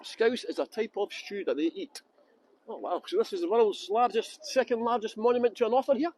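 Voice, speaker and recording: A man's voice: sits high, brisk, a little mellow, a little hiss or hum, poor audio. A man with a Scottish accent from Edinburgh, guiding a live-streamed walking tour outdoors on city streets and talking in a jokey, self-mocking, chatty way into a handheld phone. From Scotland.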